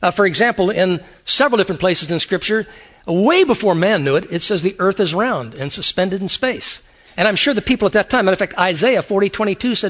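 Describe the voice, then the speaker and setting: A man preaching a sermon, animated and conversational, with repeated phrases and quick asides. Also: sits high. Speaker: pastor.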